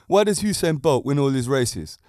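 A man hosting a casual podcast monologue, animated and often laughing at his own jokes. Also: medium pitch, normal speed, no room sound, studio quality. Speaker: podcast host.

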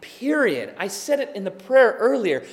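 A man preaching a sermon as pastor, impassioned and building to emphatic, forceful delivery. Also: extremely high pitch, very animated, moderate pace, big-room sound.

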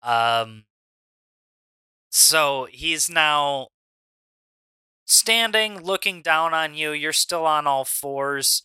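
A man narrating as game master of a tabletop wrestling game, measured and full of fillers. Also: a little high, bright, forceful tone, clear, resonant tone, no room sound.

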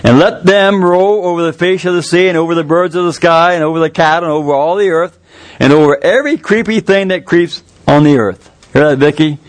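A man preaching a sermon in a folksy, earnest way, jumping up in pitch to stress a point. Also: dry recording. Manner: folksy, earnest, with quick rises in pitch for emphasis.

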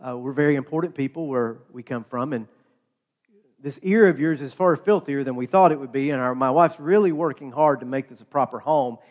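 A man's voice: medium pitch, fairly quick, a little mellow, lo-fi sound, voice pushed down, close to an everyday voice. A man voicing a pompous, self-important male flea in a storybook tale, talking down and growing impatient. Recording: long hall reverb.

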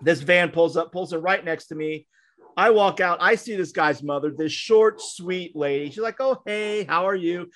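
A man's voice: sits high, normal speed, fairly bright tone. A man, co-hosting a casual podcast and telling a long story with acted-out quotes and frequent restarts. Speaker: podcast co-host, minister.

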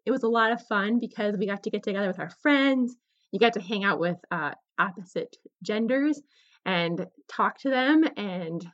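A young adult woman hosting a podcast, telling a personal story in an animated, candid way. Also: a little high. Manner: animated, candid, slips into quoted voices. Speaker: podcast host. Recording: slightly dull lo-fi recording.

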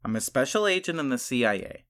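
Guy playing a nervous husband, stammers a lot, tries to calm things down. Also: medium pitch, fast. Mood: placating. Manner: stammering, placating, hesitant. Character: sheepish husband, secret agent. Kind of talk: improvised comedy sketch.

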